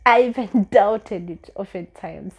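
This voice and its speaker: A woman's voice: medium pitch, unhurried, husky. A young woman with a Ugandan English accent, earnestly telling a personal story in a vlog, with many fillers and repeated words. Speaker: vlogger.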